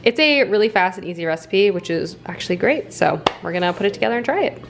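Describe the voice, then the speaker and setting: A woman's voice: mid-range voice, lively intonation, fast, creaky. Young female vlogger, casual and self-deprecating, talks at home into a handheld camera, faint hum behind. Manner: chatty and self-deprecating, with frequent fillers. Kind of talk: casual chat. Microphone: handheld vlog camera.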